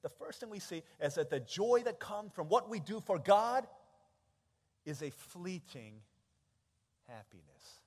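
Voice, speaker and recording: Animated high-voiced male preacher, echoing hall. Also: a little slow, pauses often, breathy edge. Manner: animated storytelling, acting out voices, swinging from hushed to loud. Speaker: pastor. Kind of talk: sermon.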